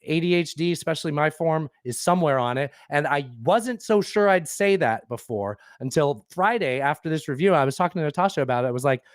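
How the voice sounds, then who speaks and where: A man's voice: on the high side, expressive, a little fast, few pauses, no room sound, studio quality. A man co-hosting a podcast, rambling and swearing freely as he reads a listener review aloud. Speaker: podcast co-host. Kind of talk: casual podcast banter.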